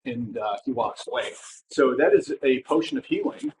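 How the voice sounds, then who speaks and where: A man's voice: medium pitch, huge pitch swings, moderate pace, darkish tone, a little hiss or hum. Hesitant man running a tabletop game. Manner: hesitant, many fillers and restarts. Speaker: game master.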